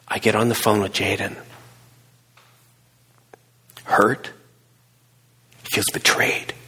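A middle-aged man preaching a sermon, telling a personal story with emphatic swings between hushed and raised delivery. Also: on the low side, level tone, unhurried, husky, in a whisper. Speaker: pastor. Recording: long hall reverb.

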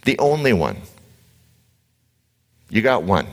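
Low-voiced joking preacher in an echoey hall. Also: male voice, slow pace. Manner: animated, joking, blunt. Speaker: pastor. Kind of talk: conversational sermon with slides.

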